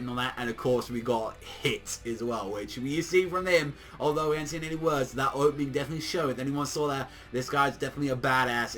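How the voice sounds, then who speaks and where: Excitable slangy young man reviewing anime. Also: mid-range voice. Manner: excitable, slangy, swears often, heavy use of "like". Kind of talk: casual video review.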